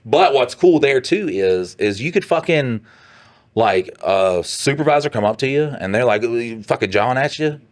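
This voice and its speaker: A man co-hosting a podcast, telling a profane, animated story in casual chat and putting on voices for the people he quotes. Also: medium pitch, normal speed. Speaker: podcast co-host.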